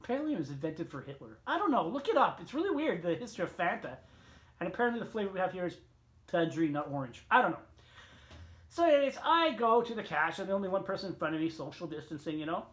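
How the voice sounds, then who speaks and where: A middle-aged vlogger rambles through a casual, profane storytelling rant, drifting from one aside to another. Very animated and quick, his voice suddenly jumps up in pitch and volume before falling back into a grumble.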